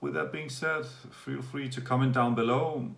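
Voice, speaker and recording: A man's voice: mid-range voice, normal speed, creaky, roomy sound. A man from Denmark giving a casual, rambling video update to his viewers. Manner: relaxed, rambling, with fillers. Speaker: vlogger.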